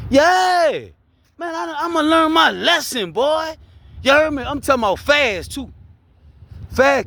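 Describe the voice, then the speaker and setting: High-voiced Louisiana man preaching street wisdom. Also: a bit bright. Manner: preachy street talk, keeps repeating "you heard me?". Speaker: vlogger sharing his life story. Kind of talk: casual motivational talk.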